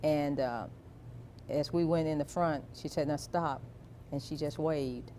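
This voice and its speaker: A woman being interviewed, telling a personal family story in a slow, soft, reflective way. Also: low-pitched, fairly even intonation, a little hiss or hum.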